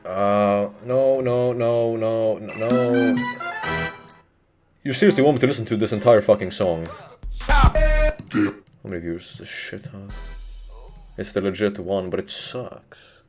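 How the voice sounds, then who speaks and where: A man live-streaming, chatting casually with his viewers, excitable and constantly swearing. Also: on the low side, takes it slowly, pauses often, over music.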